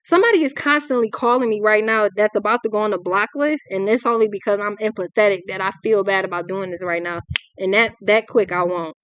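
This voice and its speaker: A woman's voice: medium pitch, brisk, a bit bright, clear, resonant tone, no room sound. A young adult woman, giving a ranting tarot reading in a blunt, exasperated, profane way. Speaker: tarot reader.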